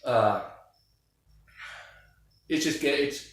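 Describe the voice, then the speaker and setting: A man's voice: mid-range voice, very slow. A man giving an opinionated, rambling, profane casual monologue about films. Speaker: film commentator. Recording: very echoey room.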